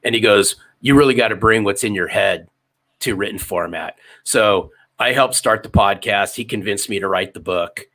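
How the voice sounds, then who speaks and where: A sales author in his fifties speaks as an interview guest. His voice sits low yet sounds bright and forceful. He drives his points with emphatic repetition. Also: normal speed. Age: 50s. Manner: emphatic, repeats phrases for effect. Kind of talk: storytelling interview answers.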